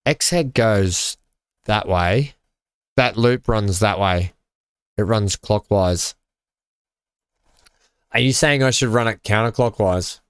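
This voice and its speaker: An Australian man hosts a live game stream, chatting casually with viewers and often joking and laughing as he plays. His voice sits lowish, slow with long pauses, clear and resonant. The studio recording is clean, with no room sound.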